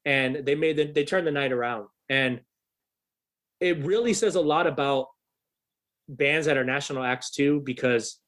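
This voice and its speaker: A man in his thirties, a musician guest on a podcast, telling a story in a casual, swearing, animated way. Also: a little high. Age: 30s. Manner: swears freely, animated retelling.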